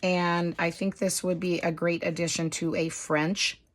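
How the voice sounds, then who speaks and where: Hoarse woman, chatty craft vlogger. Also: on the low side, level tone, measured pace. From United States. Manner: rambling, apologetic, self-deprecating with light laughs. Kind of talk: casual chatty show-and-tell.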